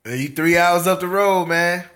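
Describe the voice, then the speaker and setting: A man's voice: sits high, moderate pace, fairly bright tone. A man, chatting and joking casually with viewers on his channel, laughing often. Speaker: small business owner and channel host. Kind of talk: casual live-stream chat with viewers.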